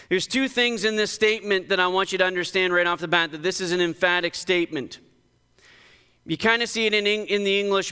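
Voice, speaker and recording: Male pastor, smooth resonant voice, emphatic sermon delivery, long church reverb. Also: sharp tone. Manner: emphatic, conversational preaching with sudden lifts in pitch. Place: church sanctuary.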